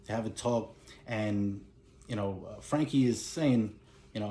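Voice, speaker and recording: A man's voice: fairly low pitch, unhurried, warm tone. Rambling man in an echoey room. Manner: rambling retelling full of "you know" and "he's like". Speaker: movie collector recapping a film. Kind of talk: casual movie recap.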